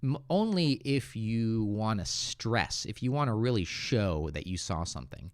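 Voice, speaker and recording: A man from the Northeastern United States with an American accent, relaxed and joking as he reads viewers' comments aloud and corrects them on a live English lesson, speaking into a good microphone. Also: lowish voice, unhurried, dry recording, studio quality. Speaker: English teacher hosting a livestream. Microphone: good studio microphone.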